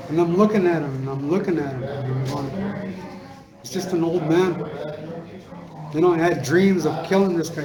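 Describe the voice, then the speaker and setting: A middle-aged man telling a personal story to listeners, halting and repetitive, circling back on his words with many fillers. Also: a little high, poor audio. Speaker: speaker sharing a personal story. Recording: crowd noise audible behind.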